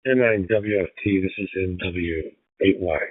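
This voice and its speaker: A man's voice: low voice, moderate pace, breathy edge, no echo. A man in his sixties chatting in a laid-back, dry-humored way on a ham radio net. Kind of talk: casual radio chat. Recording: tinny radio transmission.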